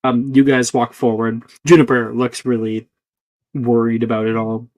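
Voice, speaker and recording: A man's voice: medium pitch, little pitch movement, normal speed, darkish tone. A man narrating as the game master of a tabletop role-playing game, with many hesitations and fillers.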